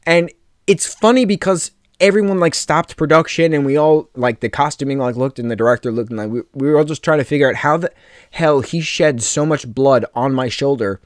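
In a clean studio recording with no room sound, a young adult American man with a slightly high voice rambles through a personal anecdote on his casual podcast. He's talkative and full of fillers, cracking quick jokes along the way.

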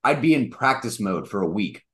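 A young man co-hosting a casual sports podcast, mocking and animated, acting out quotes as he rants. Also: fairly low pitch, moderate pace. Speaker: podcast co-host.

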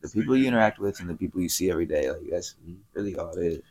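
A man's voice: low voice, animated, very fast, a little mellow, husky. A young man co-hosting a podcast, chatting in an easygoing way and laughing easily. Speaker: podcast co-host. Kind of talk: casual chat.

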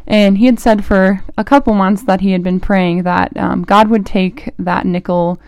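Young woman, college age, casual faith podcast host; chatty, filler-heavy, mellow tone, dry close sound. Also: medium pitch, vocal fry, no room sound. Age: young adult, college student. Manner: chatty and animated, full of "like" fillers, quick laughs.

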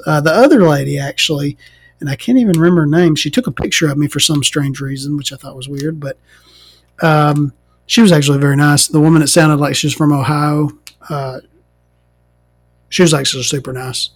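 Her voice is low and husky, and she talks briskly. She's an American trans woman from inland United States hosting a podcast, swearing a lot through a casual, sarcastic, comedic rant.

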